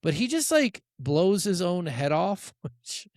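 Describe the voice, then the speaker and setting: Lively, expressive male podcast co-host. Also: sits high, slow pace, no echo, studio quality. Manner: laughs often, lively agreeing replies. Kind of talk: casual chat.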